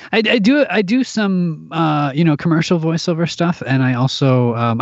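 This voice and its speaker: A man chatting as a guest in a casual podcast, an animated storyteller who often restarts his sentences. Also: medium pitch, dry recording, lo-fi sound. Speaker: guest, voice actor.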